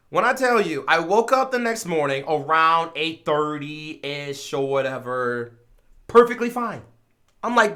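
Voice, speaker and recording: A man streamer, from Chicago, telling a casual story with lively swings between mumbled asides and loud exclaims. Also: on the high side, moderate pace.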